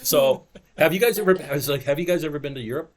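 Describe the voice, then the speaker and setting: A man's voice: on the high side, fast, crowd noise. A man hosting a podcast in casual chat, rambling through stories with lots of "it's like" and laughing asides. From United States. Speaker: podcast host.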